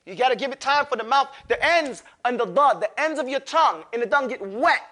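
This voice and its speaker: A male teacher runs a live classroom tajweed lesson on Quran recitation in a very high, bright, forceful voice with lively intonation. He drills students with short repeated phrases, slows down greatly to model each word, and adds loose, joking asides.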